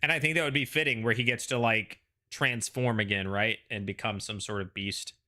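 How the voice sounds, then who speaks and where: Male host, bright tone, loose chatty delivery with plenty of hedging. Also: fairly low pitch, fairly even intonation, fairly quick. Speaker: show host. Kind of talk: casual pre-show chat.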